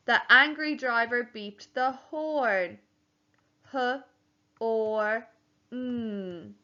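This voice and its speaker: A slow, deliberate woman teaching spelling to young children, sounding out each word letter by letter. Her voice sits a little high, and the home recording sounds dull and lo-fi. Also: sharp tone. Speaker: primary school teacher. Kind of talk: home learning spelling lesson.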